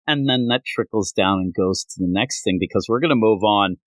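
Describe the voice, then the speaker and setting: A man's voice: on the low side, fairly quick, no echo. Chatty man hosting a comics show. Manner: animated, talkative, repeats phrases like "I'm telling you". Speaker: comics podcast host. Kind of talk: casual chat.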